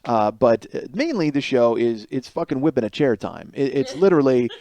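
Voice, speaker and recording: A man's voice: mid-range voice, very animated, fairly quick, dark tone. A man in his thirties hosting a solo comedic monologue, telling a rambling, profane story and laughing between lines. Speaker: podcast host.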